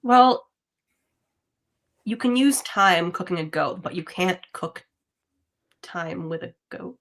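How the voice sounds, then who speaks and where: A woman's voice: fairly low pitch, lively intonation, slow, fairly bright tone, full character voice. A woman playing a pagan adventurer in a tabletop game, joking a lot and stammering when she is pressed. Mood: flustered. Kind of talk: in-character tabletop role-play.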